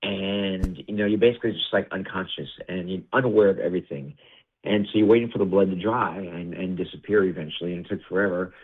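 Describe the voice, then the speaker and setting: A man guest telling an emotional personal story, acting out his father's lines in a raised voice and dropping low and tearful on the sad parts. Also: fast, slightly rough. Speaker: interview guest. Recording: tinny phone-like line.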